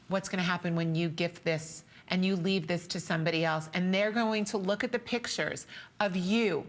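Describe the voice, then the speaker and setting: A woman on a shopping channel giving a sentimental, repetitive sales pitch for jewelry, tearing up as she talks. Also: normal speed. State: teary. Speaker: jewelry designer and shopping show guest.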